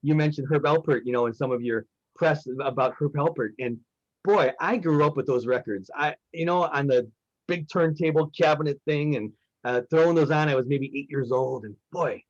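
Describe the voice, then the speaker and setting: A man with a somewhat high voice interviews a songwriter at a normal speed, sounding chatty and enthusiastic and using lots of fillers. It's a casual interview captured with a dry, dull lo-fi sound.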